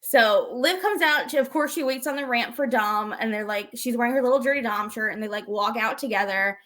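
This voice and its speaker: A woman with a high voice talks through a recap, bouncing between narration and little acted-out lines. The chat is casual and animated. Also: brisk. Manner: animated retelling, acting out lines. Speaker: podcast co-host.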